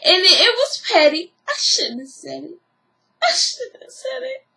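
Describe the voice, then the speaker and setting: Sobbing woman, high and shrill, voice cracking; put on by a woman recapping. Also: very animated, normal speed, vocal fry, sharp tone, full character voice. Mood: tearful. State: crying. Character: sobbing woman defending herself.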